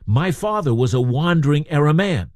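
Lively, conversational male preacher. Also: a little high, moderate pace, no echo. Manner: conversational, asks the listeners rhetorical questions. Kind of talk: sermon.

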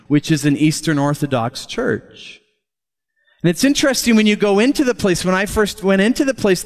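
A man preaching a sermon as pastor, lively and chuckling often as he talks. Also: fairly high pitch. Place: church. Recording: long hall reverb.

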